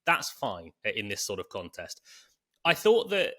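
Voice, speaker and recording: A man casually co-hosting a racing podcast, steering the talk and dropping in plugs and quick asides. His voice sits fairly low but sounds bright and clear. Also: huge pitch swings. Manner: chatty, runs the show with subscribe plugs and quick asides. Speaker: podcast co-host. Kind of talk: casual horse racing preview chat.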